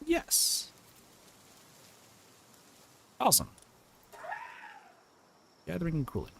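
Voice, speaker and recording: A man's voice: fairly high pitch, wildly swooping pitch, unhurried, vocal fry, slight background noise. A man streaming a game live, chatting playfully, reading and answering chat and reacting to the game as he plays. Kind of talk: live gameplay commentary. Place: home room.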